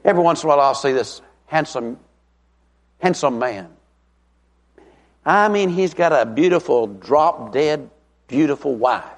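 Folksy and emphatic, a middle-aged man delivers a revival sermon as an evangelist, stretching his stressed words. His pitch is fairly high and his delivery animated, echoing with the long reverb of a big hall.

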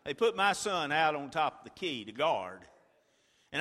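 A man preaching a sermon, retelling a story like a play-by-play and swinging from a hush to a shout. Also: a little high, very animated, moderate pace, long reverb tail.

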